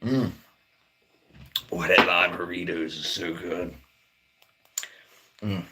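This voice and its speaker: A man's voice: deep voice, fairly even intonation, slow, noisy background. A middle-aged man from Maryland rambling in laid-back, profane casual chat as a livestream host. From Maryland, near Baltimore.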